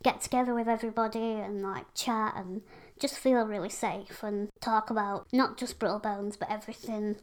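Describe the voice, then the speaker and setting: A woman's voice: mid-range voice, fairly even intonation, normal speed. A woman from England talking frankly and casually as a podcast guest, with lots of "like" and "you know". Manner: chatty, frank, lots of fillers. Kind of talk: casual conversation.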